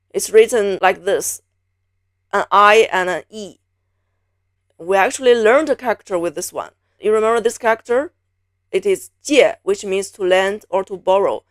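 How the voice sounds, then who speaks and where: A woman's voice: mid-range voice, dry recording, studio quality. A woman from Beijing teaching a Mandarin pronunciation lesson, patiently repeating each sound several times. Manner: patient, drills sounds by repeating them slowly.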